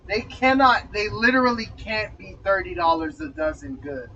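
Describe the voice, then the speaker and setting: Man, high voice, exasperated profane rant, distant from the mic, dull lo-fi sound. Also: animated, normal speed, pushed and bright, slight background noise. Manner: exasperated, heavy swearing, breaks into laughter.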